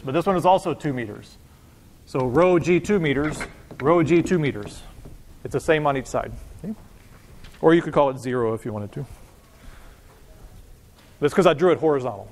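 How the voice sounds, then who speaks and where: High-voiced joking male physics professor. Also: slight background noise. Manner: casual, joking, talks to students directly. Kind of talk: university lecture. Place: lecture hall. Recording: long reverb of a lecture hall.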